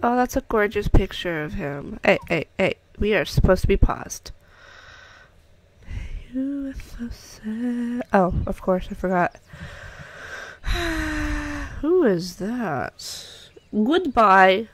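A woman's voice: mid-range voice, animated, slow, pauses often, breathy edge. A young woman giving casual let's-play commentary, chatting away and cooing at the pets in her game. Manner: chatty, coos and talks to the game's pets. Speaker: gameplay commentator.

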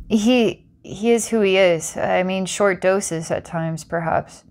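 Giggly woman giving a channeled reading. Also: medium pitch. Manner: giggly, rambling and intense by turns. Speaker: psychic reader.

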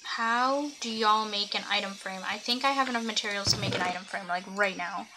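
A woman's voice: medium pitch, a little fast. A young woman streaming a video game, chatting to her viewers and thinking aloud as she plays. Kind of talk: casual gameplay commentary. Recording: audible background noise.

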